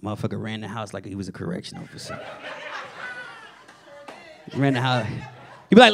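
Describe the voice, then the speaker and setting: A man with a New York accent doing a stand-up set, telling family stories in a lively way and acting out the people in them with loud punchlines. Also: medium pitch, fast, creaky, long pauses, a faint crowd. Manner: animated storytelling, loud punchlines, acts out family members. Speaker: stand-up comedian. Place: comedy stage before a live audience. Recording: audience laughter behind.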